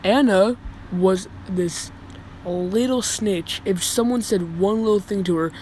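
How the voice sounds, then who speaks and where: A man's voice: high voice, takes it slowly, a little mellow, a little hiss or hum. A young man telling a casual story, rambling and swearing, with many restarts. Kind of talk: casual story time vlog.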